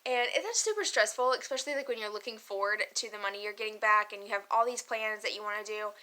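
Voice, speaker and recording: A woman's voice: mid-range voice, fast talker, sharp tone. A young woman chatting casually to camera as a vlogger, emotional and talkative, often laughing and using many fillers.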